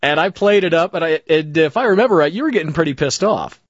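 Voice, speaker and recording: A man's voice: fairly high pitch, expressive, fast talker, no echo, dull audio. A man hosting a podcast, joking and laughing as he tells a story. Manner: jokey, laughs often, storytelling. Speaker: podcast host. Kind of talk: casual chat.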